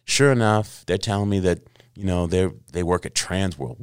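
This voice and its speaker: A middle-aged man, a podcast guest, telling stories in a casual interview, animated and profane, acting out the voices of people he quotes. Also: low-pitched, a little fast, clean tone, no room sound, clean studio sound.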